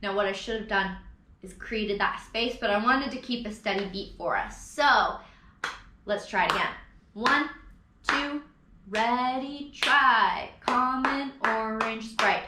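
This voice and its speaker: A woman music teacher giving a recorded lesson to children, slowly counting beats and chanting rhythm words. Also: a little high. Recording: echoey room with background noise.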